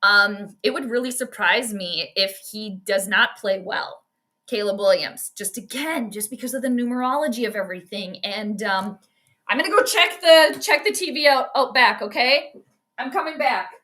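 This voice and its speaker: High, bright chatty woman streamer. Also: expressive, moderate pace. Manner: rambling, chatty, reads out viewer comments. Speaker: host of an astrology sports livestream. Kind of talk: casual live commentary and chat. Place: at home.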